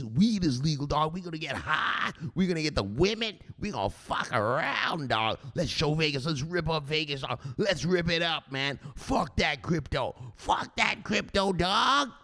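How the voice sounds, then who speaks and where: A man voicing a skeptical streetwise male buddy who mocks crypto, slangy and loud. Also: on the high side, voice pushed up.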